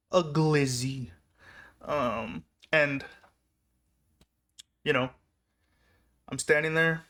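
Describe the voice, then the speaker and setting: A young man casually recounting personal memories in a rambling, laughing way. His voice sits at a middle pitch and he grows excited as he relives the moments. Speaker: vlogger. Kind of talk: casual storytelling.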